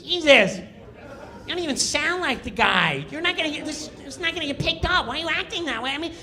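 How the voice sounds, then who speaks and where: A man putting on a jittery male castmate who nags and needles in a high, whiny voice. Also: lively intonation, a little fast, sharp tone, exaggerated voice. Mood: whiny needling.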